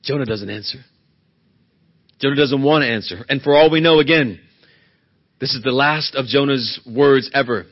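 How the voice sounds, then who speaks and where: A man preaching a sermon as pastor, swinging between loud emphatic peaks and hushed, low passages. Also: moderate pace, pauses often, lo-fi sound.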